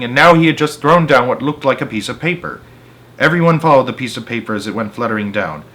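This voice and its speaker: A man reading a children's book aloud, expressive, with small slips and restarts. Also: mid-range voice. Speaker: storyteller.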